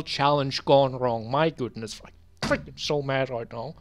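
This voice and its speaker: A young man talking casually while reviewing his old game bans. He mutters asides to himself and then bursts into loud, exasperated ranting. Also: mid-range voice, a little slow. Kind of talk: casual screen-recorded commentary.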